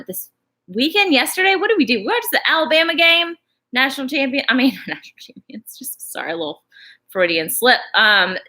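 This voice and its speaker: A woman in her thirties talks to her live-stream viewers in a loose, rambling way. Her voice is bright and forward, mid-pitched, and she drifts from story to story while answering comments. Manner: chatty, rambling, reads comments aloud, says y'all. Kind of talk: casual live-stream chat.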